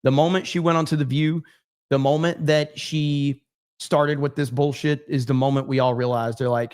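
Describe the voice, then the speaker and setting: A man's voice: mid-range voice, level tone, normal speed, a little mellow, clear, resonant tone. A man hosting a live stream, giving brash, profane, repetitive commentary. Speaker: streamer host.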